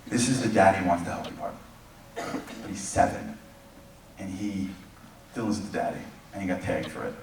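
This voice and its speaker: A man's voice: sits low, fast talker, noisy background. Man preaching in a very echoey hall. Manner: animated storytelling, acting out the voices in his stories. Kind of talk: sermon. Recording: echoey hall from far off, faint background.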